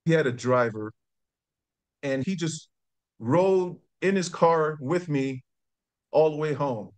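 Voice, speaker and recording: A man's voice: a little high, slow. A middle-aged man, a former college football player telling stories as a podcast guest, acting out the voices of the people in them. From New York. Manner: animated storyteller who acts out quotes. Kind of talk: casual storytelling.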